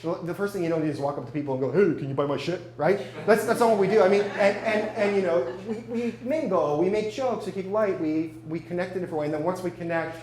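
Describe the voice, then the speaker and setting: High-pitched and darkish, a man races through his marketing meetup presentation with few pauses. Chatty and humorous, he often asks the audience questions, and the recording is echoey with a faint hum.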